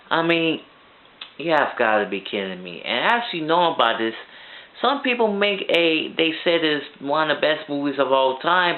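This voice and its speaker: Excitable rambling man, tinny audio. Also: mid-range voice, slight background noise. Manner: excitable, rambling, shouts now and then. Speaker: movie reviewer. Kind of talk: ranting movie review. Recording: tinny phone-like sound.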